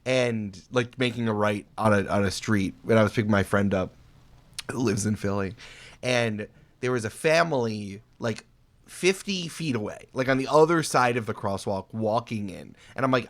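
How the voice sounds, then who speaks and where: A man from New York State chatting casually as a podcast guest, telling animated stories with quoted outbursts. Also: lowish voice, moderate pace.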